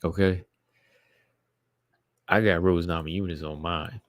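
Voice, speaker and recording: A man's voice: deep voice, steady tone, a little slow, no echo, clean studio sound. A man hosting a live talk stream, chatting casually and emphatically to his viewers, repeating phrases and calling out to the chat. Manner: informal, uses "y'all" and "be listening". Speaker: podcast host.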